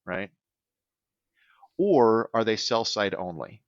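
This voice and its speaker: A man's voice: fairly low pitch, expressive, takes it slowly, no room sound, dull audio. A man who works as a business transition advisor, answering podcast interview questions in an earnest way and often checking in with "right?".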